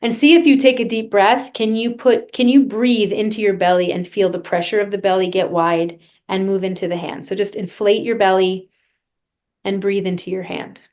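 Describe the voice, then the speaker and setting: A woman's voice: medium pitch, steady tone, moderate pace, darkish tone. A woman vocal coach being interviewed on a podcast, talking earnestly and guiding listeners through a breathing exercise.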